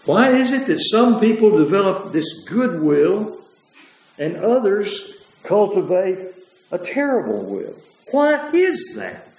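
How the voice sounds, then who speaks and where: Male preacher, high and animated, emphatic repetition, booming hall echo. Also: slow pace. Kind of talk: sermon. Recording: very echoey hall.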